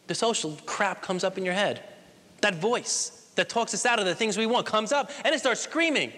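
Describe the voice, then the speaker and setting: Fast, bright-voiced male motivational speaker. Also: sits high. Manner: energetic, emphatic storytelling. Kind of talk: motivational speech. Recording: long hall reverb.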